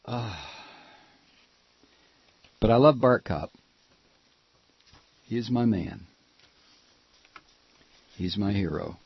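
A man hosting a political talk radio show, animated and sarcastic, with a husky voice. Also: lowish voice, very slow, pauses often. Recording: dull lo-fi broadcast sound.

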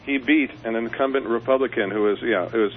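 Here a Colorado man on a radio call-in speaks quickly at a medium pitch, making his case earnestly and persuasively with occasional fillers. It's a telephone recording, thin and tinny with light hiss underneath.

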